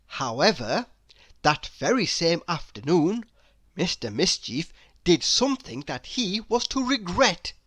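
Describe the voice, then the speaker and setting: Woman narrating a kids' story, slow, very animated pitch swings. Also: husky, no echo. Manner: expressive, animated reading with slow pacing. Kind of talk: children's story read-aloud.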